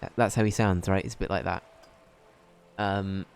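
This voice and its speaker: A man's voice: sits low, steady tone, moderate pace, vocal fry, clean tone. A man streaming a video game, chatting casually and playfully about his choices. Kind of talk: casual let's-play commentary.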